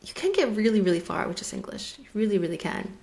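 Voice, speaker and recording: A woman living in German-speaking Switzerland co-hosts a podcast, telling rambling stories in casual chat, acting out other people's lines and saying "like" a lot. Her medium-pitched voice is quick, creaky, and darkish, with big pitch swings.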